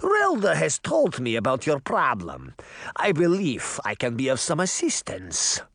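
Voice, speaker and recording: A man acts out a menacing old witch with a heavy Russian accent, high and taunting. She swings her voice up and down, gleefully threatening children in a dry, close storybook recording. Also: wildly swooping pitch, measured pace, creaky, a bit bright, breathy edge, dry recording, heavily acted. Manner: mocking, relishing threats.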